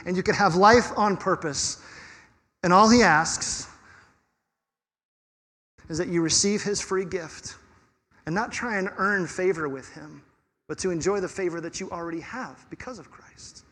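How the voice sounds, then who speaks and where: Male pastor, higher-pitched, earnest and chatty preaching, long reverb of a sanctuary. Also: fairly bright tone. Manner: conversational, earnest, quick laughs between points. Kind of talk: sermon. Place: church sanctuary.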